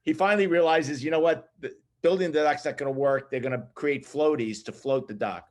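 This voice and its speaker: A man, a photographer, telling a lively story about his assistant days in casual group chat over a video call. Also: on the high side, a little fast. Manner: animated, lively storyteller who laughs at his own story.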